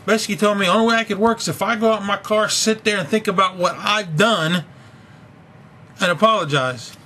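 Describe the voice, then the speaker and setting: A young man with a high, bright, husky voice vents to his webcam in a casual video blog. He rants angrily and swears freely as he tells his story. The delivery is raw and unpolished. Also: fairly quick. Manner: angry, ranting, profane. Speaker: video blogger. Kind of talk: casual venting vlog.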